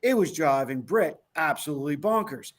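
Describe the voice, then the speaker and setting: Co-hosting an online talk show, a man tells a trip story casually, acting out quotes and laughing a lot. He speaks at a moderate pace in a slightly high, expressive voice.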